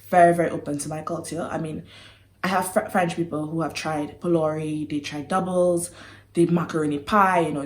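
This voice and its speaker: A woman's voice: sits low, slight background noise. A young woman from Trinidad, chatting casually and animatedly on her vlog, laughing often. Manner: giggly, animated and apologetic. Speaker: vlogger. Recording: echoey room.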